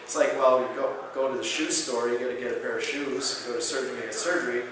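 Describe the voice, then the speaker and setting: A man giving a conference lecture, telling patient stories in an animated way and acting out the dialogue. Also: mid-range voice, fast talker, noisy background. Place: large conference hall. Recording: echoey hall from far off.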